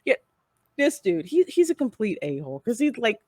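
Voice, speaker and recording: Woman co-host, lively recap, acts out quotes, dry close sound. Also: on the high side, normal speed, no room sound. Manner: animated storyteller, acting out quotes. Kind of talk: casual chat recapping a show.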